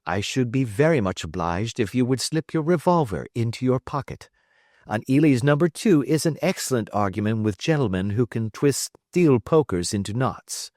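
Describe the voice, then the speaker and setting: A man voicing a calm, witty detective who answers threats with bland, quiet irony. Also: mid-range voice, moderate pace, dry recording, studio quality, lightly acted. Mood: brisk. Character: calm, witty male detective, cool and imperturbable.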